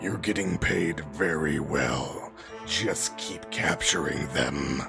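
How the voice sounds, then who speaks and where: A man voicing an unseen schemer who calmly reassures a hired monster. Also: a bass voice, creaky, over music, voice pushed down, exaggerated voice. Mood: sinister. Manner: slow, reassuring, sinister.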